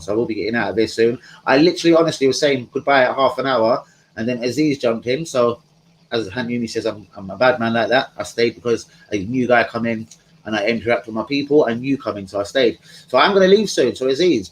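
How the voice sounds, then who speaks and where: A man's voice: mid-range voice, slight background noise, rough recording. A man hosting a live stream from home, chatting casually in a rambling, slangy way and talking to his viewers. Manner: rambling, slangy, talks to chat.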